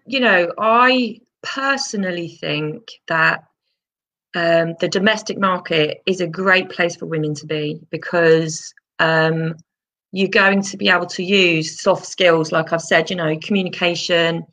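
A woman electrician speaks as a guest in a relaxed chat. Her voice sits a little low for a woman. She talks earnestly, restarting sentences and dropping in plenty of you-knows. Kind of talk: casual conversation.

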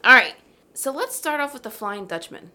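A woman's voice: sits high, sing-song, moderate pace, pushed and bright. A woman hosting a podcast, reading a legend aloud in a casual, joking way, swearing and laughing as she goes. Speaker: podcast host. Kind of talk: casual storytelling chat.

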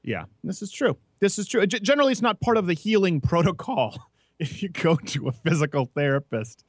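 A man hosting a casual political talk show, brash and mocking, talking fast. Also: high voice, animated, no echo, studio quality. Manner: brash, quick, mocking, with put-on voices. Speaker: podcast host.

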